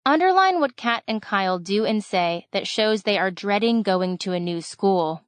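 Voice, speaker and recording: A woman reads a school lesson aloud in a clear, instructional way, with a mid-pitched voice. The recording is dry and close, with no room sound. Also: lively intonation, normal speed, dry recording. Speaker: reader of a school reading lesson. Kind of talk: reading a story aloud with lesson prompts.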